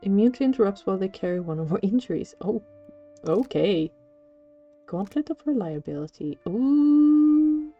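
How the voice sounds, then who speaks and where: A woman's voice: animated, moderate pace, faint music behind. A woman livestreaming a game, chatting playfully with viewers and gushing over cute things, on slightly dull lo-fi stream audio. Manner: playful, gushing, switches into squeaky cute voices. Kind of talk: casual gaming livestream chat.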